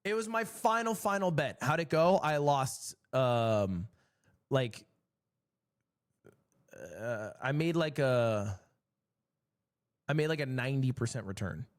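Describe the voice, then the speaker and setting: A man streaming, telling a story in a casual, animated and exasperated way. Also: medium pitch, slow, long pauses.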